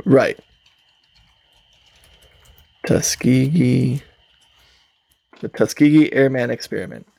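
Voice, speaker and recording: A man's voice: mid-range voice, takes it slowly, gravelly, pauses often, dark tone, dry recording. A man co-hosting a podcast, rambling through casual talk with frequent swearing and laughter. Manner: rambling, profane, laughs often. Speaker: podcast co-host.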